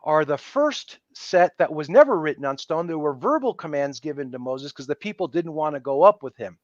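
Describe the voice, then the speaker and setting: A man with a high-pitched voice talks as a guest in a casual interview. He is emphatic and animated, and he slips into the voices of the people he quotes. The sound is dry and slightly dull, like a lo-fi recording. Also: brisk, dry recording. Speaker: podcast guest.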